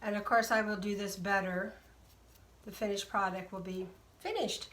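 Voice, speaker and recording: A woman's voice: a little high, steady tone, moderate pace, fairly bright tone, reverberant, far from the mic. A woman hosting a live craft tutorial, talking viewers through each step in a chatty way and greeting them by name. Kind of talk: casual live craft demonstration.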